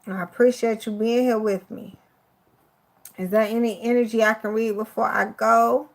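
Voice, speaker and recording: A woman's voice: fairly high pitch, steady tone, normal speed. A woman with a Miami accent giving a live tarot reading, affectionate and emotional, cursing casually and sounding teary-eyed. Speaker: tarot card reader.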